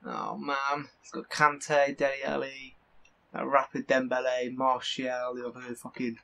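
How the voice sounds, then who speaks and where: Excitable man swearing at a game. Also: medium pitch, unhurried, creaky. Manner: excitable, swears often, bursts into shouts at the game. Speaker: gaming video creator. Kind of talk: live gameplay commentary.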